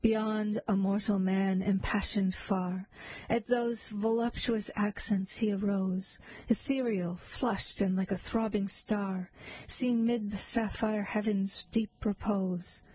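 A woman reads a long narrative poem aloud at an unhurried, measured pace. Her voice is mellow and slightly husky. The recording is close and dry. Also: medium pitch, steady tone, poor audio. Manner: slow, measured recitation, soft whispers at times. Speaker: poetry reader.

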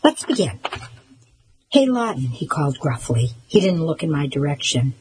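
A woman reading a novel aloud for a reading service, in an even, measured way. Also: sits low, slight background noise, low-quality recording. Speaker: volunteer reader for a reading service. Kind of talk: audiobook reading.

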